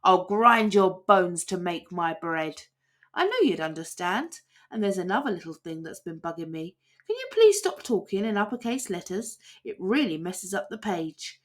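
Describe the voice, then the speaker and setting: Cheeky storybook boy, quick and excited, sing-song delivery; woman reader voicing him. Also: fairly low pitch. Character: cheeky boastful boy Jack.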